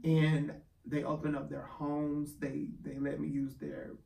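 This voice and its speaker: A man's voice: a little high, completely flat delivery, measured pace, vocal fry, dark tone. A man co-hosting a casual chat show, speaking in a heartfelt, emotional way. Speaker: podcast co-host. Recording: echoey room, mic at a distance, faint ambient noise.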